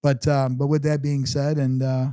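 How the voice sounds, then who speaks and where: A middle-aged man recounts his life story in an unhurried interview, stumbling through restarts and fillers as he goes. His voice is mellow and warm, and the recording is close and dry, with no room sound. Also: mid-range voice, flat delivery, clean tone, no room sound. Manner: halting, many restarts and fillers. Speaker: interview guest. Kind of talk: casual personal storytelling.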